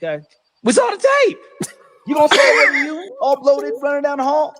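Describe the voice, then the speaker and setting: A man's voice: extremely high pitch, very animated. A man doing a scolding, exasperated Jesus. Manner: scolding, brisk. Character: stern, exasperated Jesus answering prayers. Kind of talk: comedic parody clip. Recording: noisy played clip.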